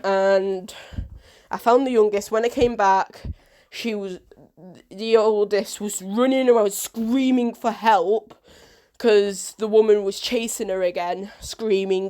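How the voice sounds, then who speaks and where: Animated woman telling a story. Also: mid-range voice, slow pace. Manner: animated storyteller who acts out quoted dialogue. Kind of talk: storytime vlog.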